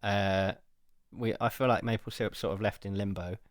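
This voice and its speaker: A man co-hosting a podcast, stubborn and deadpan in casual chat, often laughing. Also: fairly low pitch, moderate pace, no echo, clean studio sound. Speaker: podcast co-host.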